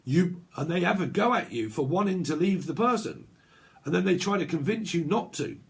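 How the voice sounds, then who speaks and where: A man reads tarot cards in a casual vlog, and his voice is husky and sits a little high for a man. He rants and swears freely, voicing both sides of imagined arguments as he goes. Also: animated, normal speed. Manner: ranting, swearing, acts out imagined dialogue. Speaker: tarot reader.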